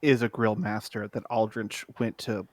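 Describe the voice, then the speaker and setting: A man's voice: lowish voice, little pitch movement, normal speed. A man playing a tabletop game in a laid-back, playful casual chat.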